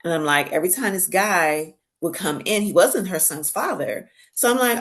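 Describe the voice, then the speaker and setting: A woman's voice: on the low side, normal speed, hardly any pauses. A woman guest on a podcast, telling stories in casual conversation and acting out the voices of the people in them. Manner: animated, acts out quoted voices; laughs while telling stories.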